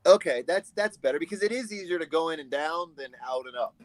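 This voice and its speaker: A man from the United States, a guest photographer, telling animated stories in a casual interview over a video call. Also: a little high, fast talker, crowd noise. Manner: animated storyteller, acts out quoted people.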